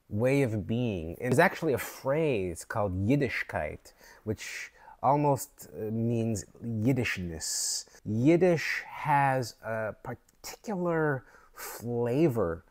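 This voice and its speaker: A man from Canada talking slowly and thoughtfully to camera in a reflective vlog, with fillers and restarts. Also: mid-range voice, expressive, a little mellow. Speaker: vlogger.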